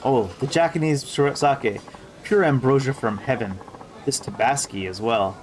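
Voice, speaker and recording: A man voicing an eccentric, pompous woman singer in a video game, speaking in inverted word order and dropping in stray French words. He reads her lines slowly and a little lower than his own voice. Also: a little hiss or hum, natural voice. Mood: grandiose.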